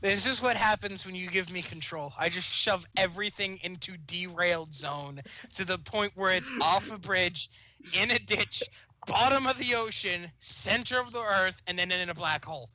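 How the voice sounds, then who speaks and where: Man in casual game chat, joking, chuckling, high-pitched. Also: moderate pace, bright, forceful tone, low-quality recording. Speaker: player.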